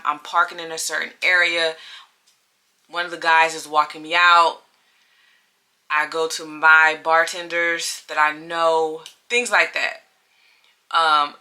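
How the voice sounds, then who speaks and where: A woman vlogger telling a personal story in a chatty, animated way, repeating phrases for emphasis. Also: deep voice. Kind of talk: casual storytime.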